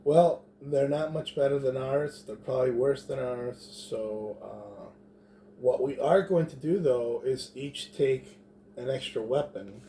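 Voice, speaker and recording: A player talks through his moves in a tabletop game, planning aloud slowly with pauses and fillers. His medium-pitched voice is mellow and dark, with a faint hum behind him.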